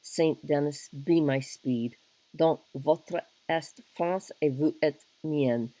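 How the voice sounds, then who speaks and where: Brief: a woman voicing a soldierly young king who woos plainly, low voice, dry close sound. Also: slow pace, dark tone, no room sound, poor audio. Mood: earnest. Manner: earnest, plain-spoken wooing. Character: young English king, blunt soldierly wooer. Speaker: teacher reading a play aloud. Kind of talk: dramatic reading of a play.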